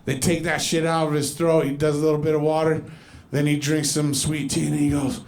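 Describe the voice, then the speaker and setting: A man in his forties works a club stage with a handheld mic, spinning profane stories and jumping into loud, exaggerated voices. His voice sits a little high and has a gravelly edge. A faint club ambience hangs in the background. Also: level tone, brisk, a little hiss or hum. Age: 40s. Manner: loose, profane storytelling with exaggerated voices and shouts. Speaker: stand-up comedian. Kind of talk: stand-up comedy set. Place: underground comedy club stage.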